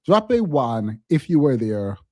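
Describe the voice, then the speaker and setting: A man's voice: medium pitch, sing-song, a little slow, mellow, no echo, clean studio sound. A man hosting a live stream, telling a story in a casual chat and laughing often. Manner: laughs often, talks animatedly.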